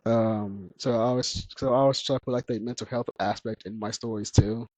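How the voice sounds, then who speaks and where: A man's voice: medium pitch, fairly even intonation, fairly quick, darkish tone, dry recording. A man hosting a casual podcast chat who laughs often while telling stories. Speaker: podcast host.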